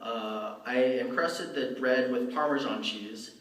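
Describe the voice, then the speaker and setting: A man speaks at a middle pitch, heard from some way off the mic. The room around him is roomy and echoing, as in a church hall. He tells his story loosely and conversationally, with fillers and restarts. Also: slow, fairly bright tone. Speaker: lay speaker giving a dharma talk. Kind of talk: personal storytelling talk. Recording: roomy, from far off.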